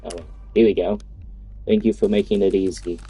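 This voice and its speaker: A man's voice: on the low side, fairly even intonation, normal speed, mellow. A young man doing casual, dry let's-play commentary with offhand asides. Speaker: gaming streamer.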